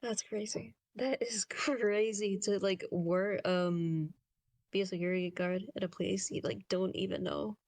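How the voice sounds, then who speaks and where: A woman's voice: mid-range voice, steady tone, measured pace, darkish tone, dry recording. A woman in casual chat, giving short amused reactions to a story.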